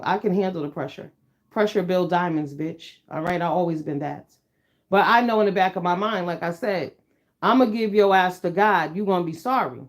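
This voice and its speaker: A middle-aged woman chatting to her viewers, telling a story in a blunt, profane, emphatic rant. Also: medium pitch. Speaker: YouTuber. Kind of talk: casual chat to viewers.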